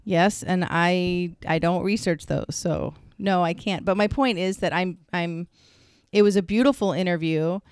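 A woman in her thirties chats earnestly as a co-host, her voice smooth and resonant. The sound is close and dry, with no room around it. She rambles through her points with restarts and turns flustered when teased. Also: on the low side, a little slow, darkish tone, no echo. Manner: earnest, reflective explaining with many restarts. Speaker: podcast co-host. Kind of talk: casual chat.

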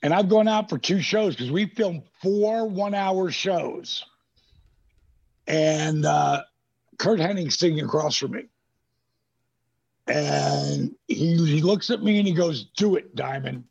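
Middle-aged man, gravelly husky voice, animated storyteller, dull lo-fi audio. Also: on the high side, slow. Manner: animated, profane storyteller who acts out quotes. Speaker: guest. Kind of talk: casual storytelling.

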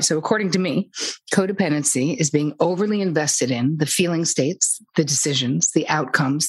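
A woman guest talking about codependency in a blunt, lively, casual way, sometimes swearing lightly. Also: sits low, husky. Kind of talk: casual storytelling interview.

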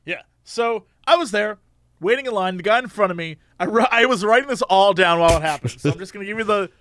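A man's voice: high voice, animated, quick pace, a bit bright, no echo. A man hosting a podcast, telling a story in a casual, laughing way. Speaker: podcast host.

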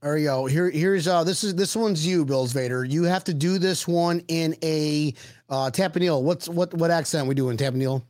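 Man, fairly high voice, excitable host, dry close sound. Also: normal speed, no room sound. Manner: excitable, laughs often, boastful banter. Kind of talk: casual chat. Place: Miami area.

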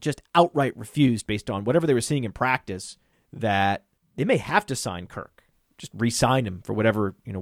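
A man co-hosting a casual podcast, talking excitedly and rattling off lists of names and numbers, often laughing at himself. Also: mid-range voice, no echo, clean studio sound. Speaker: podcast co-host.

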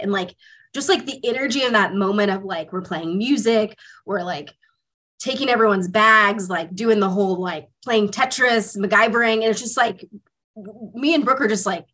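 Podcast guest, woman, mid-pitched, casual and chatty, swears easily. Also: moderate pace. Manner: animated storytelling, heavy use of "like", swears freely. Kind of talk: casual chat.

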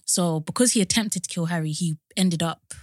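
Young woman, low voice, dry close sound. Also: normal speed, a little mellow, no echo. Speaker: podcast co-host. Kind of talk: casual chat.

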